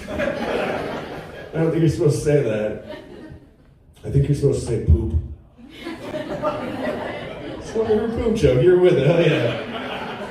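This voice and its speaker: A man in his thirties doing a stand-up comedy set with a laid-back, deadpan delivery at a comedy club. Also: on the high side, unhurried, long pauses, heavy reverb, distant mic, some chatter behind, slight background noise, rough recording. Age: 30s. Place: comedy club with a live audience.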